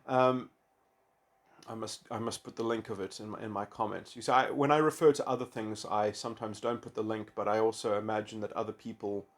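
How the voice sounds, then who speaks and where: Male essayist, mid-pitched, meandering, stop-start delivery full of restarts. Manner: halting, full of restarts and "you know". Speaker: video essayist. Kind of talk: rambling philosophical monologue.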